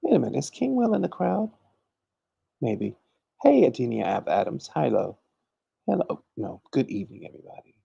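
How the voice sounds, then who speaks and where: A man's voice: mid-range voice, huge pitch swings, brisk, gravelly, warm tone, husky, dry recording, lo-fi sound. A man hosting a casual livestream, chatting and teaching, greeting viewers by name and calling everyone honey. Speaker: livestream host and conjure teacher.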